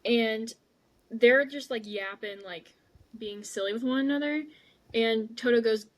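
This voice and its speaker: A woman's voice: a little high, measured pace, dry recording. A woman co-hosting a podcast in casual chat, full of "like" fillers, on a video call. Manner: chatty, many "like" fillers. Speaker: podcast co-host.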